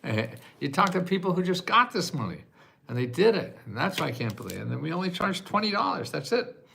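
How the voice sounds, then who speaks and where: An American man in his eighties hosting a casual livestream chat, self-mocking and quick to laugh, sometimes choking up with emotion. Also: fairly high pitch, sing-song, gravelly, bright, forceful tone, a little hiss or hum. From United States. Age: 80s. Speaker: host answering viewer questions.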